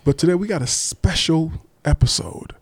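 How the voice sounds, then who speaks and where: Male podcast host, casual chat, mellow voice, playful. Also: fairly high pitch, moderate pace. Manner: laid-back, playful, repeats himself.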